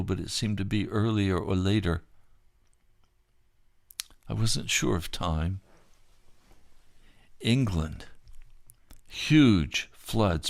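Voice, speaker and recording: Male narrator, low register, dry close recording; halting first-person recollection of a dream vision. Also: vocal fry, no echo. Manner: halting, with repeated words and restarts.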